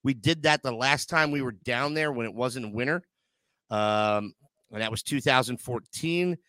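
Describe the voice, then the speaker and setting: A man's voice: mid-range voice, measured pace, bright, forceful tone, clear, resonant tone, no room sound. A man hosting a casual live chat show, joking crudely and getting sentimental with his audience. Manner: joking, crude banter, emotional asides. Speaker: podcast host.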